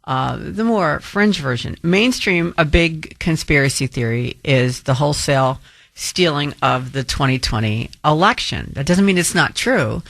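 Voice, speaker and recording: A man's voice: medium pitch, vocal fry, fairly bright tone, no room sound, studio quality. A man filling in as a talk radio host, speaking in a rambling monologue with frequent restarts.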